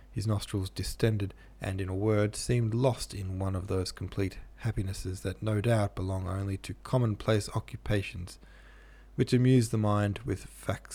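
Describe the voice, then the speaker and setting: A man narrating a classic novel aloud in a measured, even manner. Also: on the low side. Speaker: audiobook narrator.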